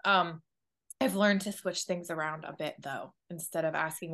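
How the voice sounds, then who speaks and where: A woman's voice: sits low, steady tone, moderate pace, a bit bright. A woman co-hosting a podcast in casual chat, speaking in an earnest, driven way. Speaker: podcast co-host.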